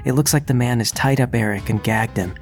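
As game master of a tabletop game, a man narrates the scene calmly and a little fast in an even, mid-pitched voice. Soft music plays faintly behind him.

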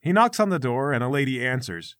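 A man's voice: medium pitch, expressive, fairly quick, a bit bright, dry recording. A man narrating as game master of a tabletop game, dry and teasing.

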